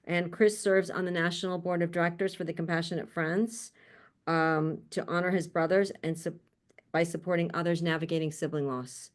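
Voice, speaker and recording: Hosting an online conference panel by video call, a woman with a fairly low, steady voice speaks at a moderate pace. Her casual introductions of the speakers are upbeat and chatty, punctuated by frequent laughs.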